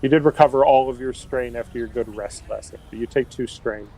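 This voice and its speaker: A man as game master narrating a tabletop role-playing game, unhurried and full of fillers. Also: mid-range voice, warm tone.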